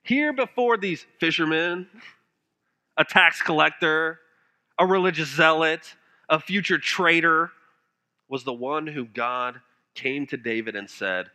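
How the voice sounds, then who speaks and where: A man preaching a sermon with passion, now and then dropping his voice to a hush for emphasis. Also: measured pace. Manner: impassioned preaching, dropping to hushed low phrases for emphasis. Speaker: pastor.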